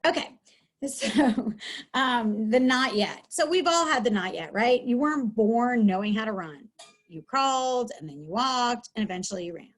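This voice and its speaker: A woman's voice: fairly high pitch, moderate pace. A middle-aged woman, a school counselor, giving an upbeat, chatty webinar lesson from home over a video call, with many fillers. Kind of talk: webinar teaching talk.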